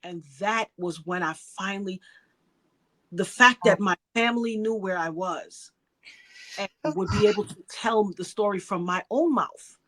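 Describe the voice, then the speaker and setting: A woman's voice: medium pitch, unhurried, a bit bright. A middle-aged woman from New York giving an emotional personal account in an interview, acting out the voices of the people in her story. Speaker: interview guest.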